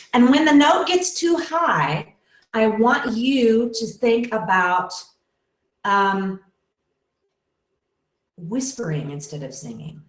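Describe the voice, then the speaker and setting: Lively woman teaching singing. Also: mid-range voice. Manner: demonstrates with short sung syllables. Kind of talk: webinar vocal lesson. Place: room with echo. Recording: roomy echo.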